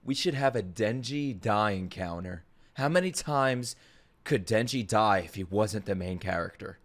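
A young man reacting out loud to an anime as a streamer, loud and exclamatory, swearing freely and talking back to the screen. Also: lowish voice, expressive, measured pace, a little hiss or hum. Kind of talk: excited anime reaction commentary.

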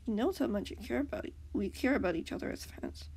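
A woman's voice: a little high, animated, moderate pace, creaky, breathy edge, voice pushed up, full character voice. A woman reading the lines of a nervous, sheepish young man in a fan story, in a near-everyday voice. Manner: sheepish and quiet.

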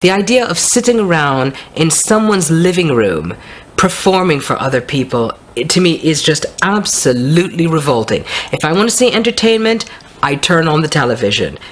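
A woman's voice: low-pitched, very animated, moderate pace. A middle-aged woman in an interview, talking in a dry, disdainful way. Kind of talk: casual chat.

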